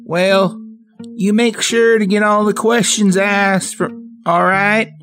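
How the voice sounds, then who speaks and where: A man's voice: sits high, fairly even intonation, slow pace, fairly bright tone, faint music behind. A man playing a tabletop game, hesitant and swearing freely. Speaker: player. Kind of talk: tabletop role-play.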